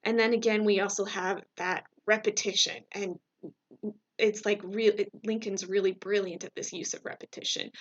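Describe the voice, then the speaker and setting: A woman's voice: medium pitch, steady tone, moderate pace, lo-fi sound. A woman teacher talking through a recorded lecture in a conversational way, checking in with "right?" and using fillers.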